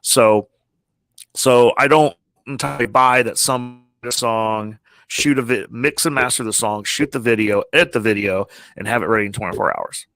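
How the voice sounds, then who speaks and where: A man hosting a casual chat over a video call from his phone, halting and restarting his sentences. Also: mid-range voice, fairly bright tone. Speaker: podcast host.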